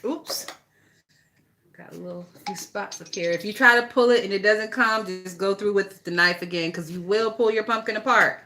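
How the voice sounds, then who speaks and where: A woman's voice: mid-range voice, moderate pace, background noise. A woman chatting casually and gossiping bluntly, with a lot of swearing, while she works on a craft project. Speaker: vlogger.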